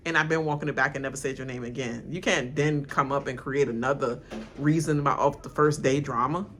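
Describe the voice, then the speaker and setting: A woman hosting a casual reality TV reaction video, animated and laughing, loudly mimicking the cast as she comments. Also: rumbling low, brisk, slight background noise. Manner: animated, laughing, mimics cast members with loud yelled names.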